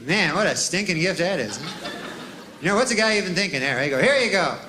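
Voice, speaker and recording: A man doing a stand-up routine in a drawling, deadpan way, with rambling asides. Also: high-pitched, a little fast. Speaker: stand-up comedian. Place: comedy stage before a live audience. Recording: live club recording with audience laughter and noise.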